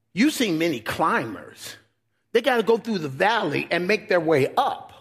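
A man preaching a sermon as pastor, swinging between loud, high exhortation and soft, low intimate passages. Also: husky.

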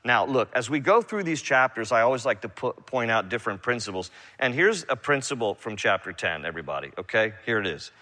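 A man's voice: medium pitch, lively intonation, fairly quick, hardly any pauses, sharp tone. A man preaching an expository sermon, reading scripture and retelling it in casual, slangy paraphrase for his congregation. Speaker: pastor. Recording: long hall reverb.

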